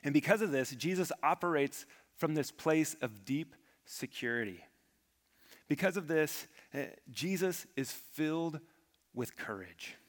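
A man preaching a sermon with earnest emphasis, rising to stress points and letting his phrases fall away quietly. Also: on the high side, expressive, a little slow, big-room sound. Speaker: pastor.

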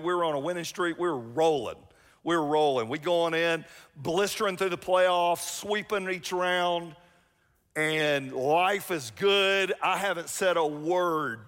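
A man's voice: a little high, fairly bright tone. A middle-aged man, preaching a sermon as pastor in a chatty, self-mocking storytelling way. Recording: long reverb of a church hall.

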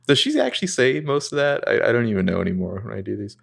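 Animated, gravelly man recapping a show. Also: medium pitch, fast. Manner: acts out characters' lines in jokey voices. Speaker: podcast co-host. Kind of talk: casual TV recap chat.

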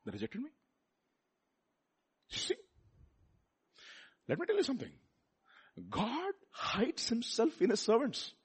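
A man with a Telugu accent preaching a sermon, repeating words and building up to loud rhetorical questions. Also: very high voice, wildly swooping pitch, unhurried, creaky, pauses often, breathy edge. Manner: repeats words and restarts phrases.

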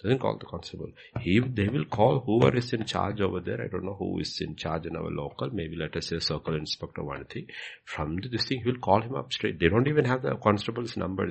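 A man's voice: lowish voice, creaky, husky. A man answering questions as a pastor in a Q&A, repeating his points with emphasis. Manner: repetitive, emphatic, acts out quoted questions. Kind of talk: Q&A teaching.

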